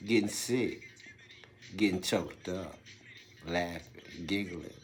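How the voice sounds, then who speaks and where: A man giving a preachy monologue, firing off rhetorical questions and swinging between loud bursts and hushed whispers. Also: deep voice, slow pace, faint music behind. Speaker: speaker delivering a monologue.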